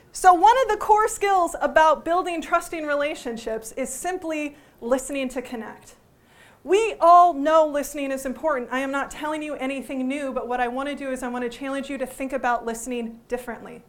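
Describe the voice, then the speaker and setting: A woman teaching a workshop to a live audience, lively and joking, often putting questions to the room. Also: high voice, normal speed. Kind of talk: interactive workshop talk.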